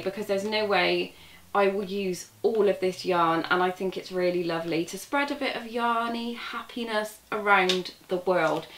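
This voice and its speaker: A woman chatting excitedly in a casual vlog, gushing as she unboxes a parcel, a little away from the camera. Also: medium pitch, echoey room, a little hiss or hum. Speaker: crochet vlogger. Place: indoor room at a table. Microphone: camera set back from her.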